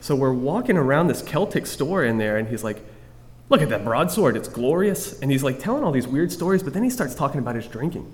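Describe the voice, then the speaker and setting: A man's voice: mid-range voice, big pitch swings, quick pace, hardly any pauses, a little mellow. Man, candid testimony to a group, self-mocking, rambling restarts, meeting hall. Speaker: speaker sharing recovery story. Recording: long reverb of a hall.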